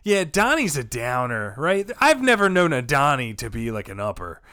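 A man's voice: mid-range voice, big pitch swings, moderate pace, sharp tone, clear, resonant tone, no echo, studio quality. A man, a comedian chatting loosely on a podcast, rambling and swearing often. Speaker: comedian guest. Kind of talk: casual podcast chat.

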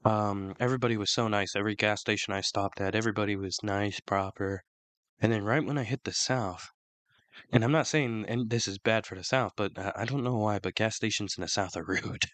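A man co-hosting a podcast in casual, opinionated chat, rambling with many restarts, his throat still rough from flu. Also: on the low side, a little fast, a bit bright, no room sound. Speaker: podcast co-host.

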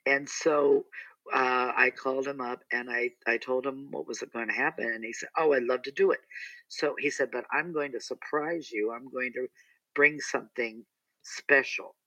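A man's voice: medium pitch, steady tone, moderate pace, sharp tone, no room sound, dull audio. A middle-aged man, an entertainer, telling a rambling story in a casual interview with many restarts and asides.

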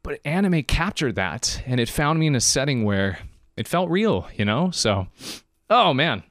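A man's voice: mid-range voice, very animated, measured pace, fairly bright tone, no room sound, studio quality. A man hosting a live-streamed podcast monologue, emphatic and choked up, repeating phrases for emphasis. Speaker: podcast host.

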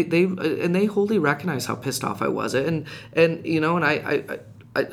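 A man telling a personal story in casual podcast chat, animated and rising in pitch when reliving heated moments. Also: gravelly. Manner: frequent restarts and fillers, conversational. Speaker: podcast guest.

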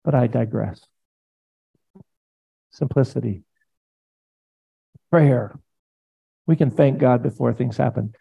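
A man pastor teaching in a casual, conversational way, animated and rambling, often speaking prayers aloud. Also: mid-range voice, takes it slowly, gravelly, pauses often, breathy edge, narrow, tinny audio.

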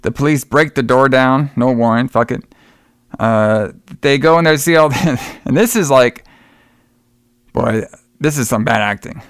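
A man's voice: medium pitch, measured pace, no echo, studio quality. A man co-hosting a podcast, recapping a movie in a casual, profane, rambling way. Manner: rambling, profane, energetic retelling. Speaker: podcast co-host.

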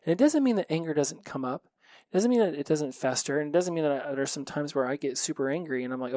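A man's voice: on the high side, animated, quick pace, darkish tone, dry recording. Frank, profane male podcast host. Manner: frank and reflective, swears freely. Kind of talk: candid solo podcast monologue.

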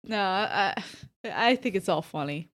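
A woman's voice: mid-range voice, lively intonation, measured pace, a bit bright. A woman co-hosting a casual podcast chat, teasing, laughing often and swearing. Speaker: podcast co-host.

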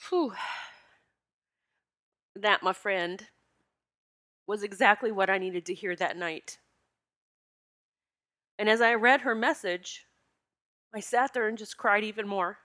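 A woman's voice: mid-range voice, slow, long pauses, fairly bright tone. A woman hosting a podcast, telling a personal story in a heartfelt, emotional way and sniffling as she holds back tears. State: tearful, sniffling. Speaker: podcast host and spiritual teacher.

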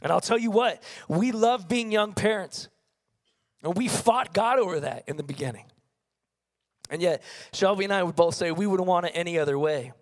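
A man's voice: high-pitched, normal speed. A young man preaching a sermon, telling a personal story with earnest rhetorical questions. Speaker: pastor.

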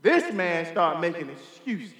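An impassioned man preaches with a high-pitched voice, repeating phrases and swinging from loud declarations to hushed asides. The sound comes from a roomy hall with a long echo trailing after him. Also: very animated, unhurried. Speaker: pastor. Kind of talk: preaching a sermon. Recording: echoey hall with long reverb.

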